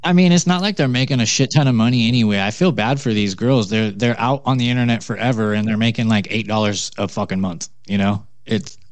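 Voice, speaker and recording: Lowish guy podcaster, earnest, dry mic sound. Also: brisk, few pauses, dry recording. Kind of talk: casual chat.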